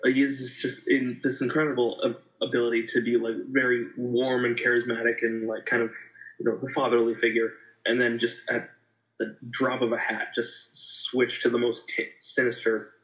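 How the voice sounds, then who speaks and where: A man's voice: medium pitch, little pitch movement, moderate pace, bright, forceful tone, muffled recording. A man co-hosting a casual movie review podcast, rambling with many fillers and restarts. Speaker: podcast co-host.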